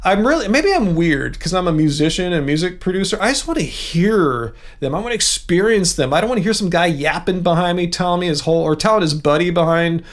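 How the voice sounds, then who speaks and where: A middle-aged man with a notably high-pitched voice hosts a livestream, chatting loosely and ranting with animated asides as he reads out viewer comments. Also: fast, few pauses. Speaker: livestream host. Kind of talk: casual livestream chat reading viewer comments.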